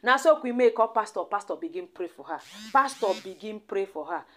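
A woman's voice: medium pitch, lively intonation, a little fast, fairly bright tone. A Nigerian woman telling a celebrity gossip story in a dramatic, repetitive, exclamatory way. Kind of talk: storytelling commentary in Pidgin.

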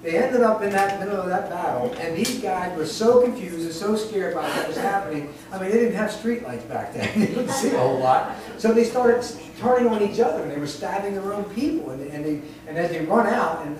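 A man's voice: a little high, darkish tone. A man preaching a sermon in a church, telling stories in a conversational way with laughs and restarts. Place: church sanctuary. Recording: echoey church hall, distant mic, faint noise.

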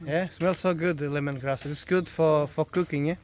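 A man's voice: fairly high pitch, steady tone, normal speed, crowd noise. A man giving an enthusiastic, casual vlog tour of his farm outdoors, often ending his sentences with "eh?". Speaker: vlogger showing his farm. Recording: outdoor farm noise behind. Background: chickens, roosters and birds.

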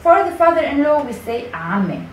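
A woman with a Lebanese accent, a native Arabic speaker, giving a casual video lesson, patient and repeating words slowly with many fillers and restarts. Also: high voice, sing-song. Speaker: language teacher. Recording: echoey room, mic at a distance, faint background noise.

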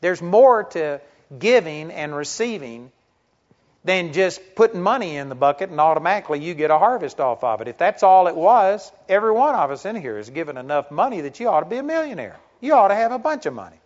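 A man's voice: sits high, very animated, brisk. A male pastor preaching to a congregation in a conversational sermon style, full of rhetorical questions and personal stories. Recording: dull lo-fi sound.

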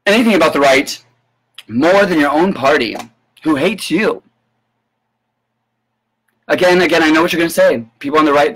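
A man giving an indignant live-stream rant, sarcastic and full of profanity, breaking into sudden high yelps. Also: a bit bright, poor audio. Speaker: political commentator. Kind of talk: ranting live-stream commentary.

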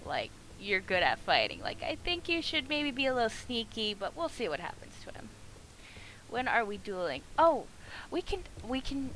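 A woman streaming a video game, chatting and joking excitedly with her viewers. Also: a little high, slight background noise, poor audio. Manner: excitable, jokey, chatty with chat. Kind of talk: casual gameplay commentary.

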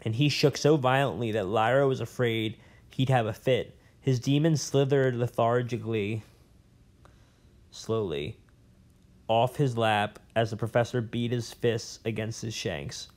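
A man reads a novel aloud at an ordinary pitch. His delivery is plain and unpolished, with small stumbles and restarts. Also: fairly even intonation, a little slow, darkish tone. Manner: plain reading with slips and an aside. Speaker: reader.

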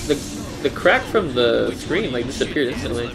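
Over music on a low-quality recording, a young gameplay commentator speaks in a very animated, creaky mid-range voice at normal speed. Bantering casually with a friend during a let's play, he cracks jokes, laughs frequently, and lets sentences trail off.

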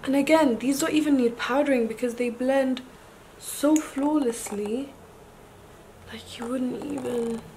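A young woman, chatting to camera through a makeup tutorial. She gushes excitedly, often gasping and breaking into breathy exclamations. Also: sits high, measured pace, slight background noise, low-quality recording. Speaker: beauty vlogger.

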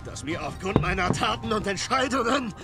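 A guilt-ridden young soldier. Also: male voice, high voice, lively intonation, fairly quick, music in the background. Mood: anguished. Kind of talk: anime dubbing.

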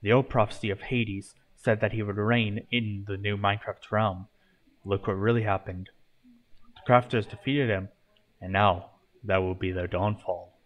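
A cold, weary old mentor god speaks low and slow, voiced by a man reading a story aloud. Each word comes out grave and heavy. The voice sits deep and unhurried. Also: fairly even intonation. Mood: stern.

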